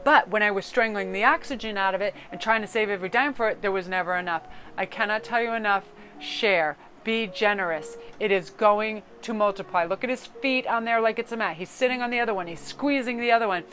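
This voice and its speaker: A woman's voice: mid-range voice, a little fast, soft background music, poor audio. Chatty woman doing a tarot reading. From Connecticut. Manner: chatty, animated, swears casually, slips into joke accents. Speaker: tarot reader. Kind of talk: casual tarot card reading.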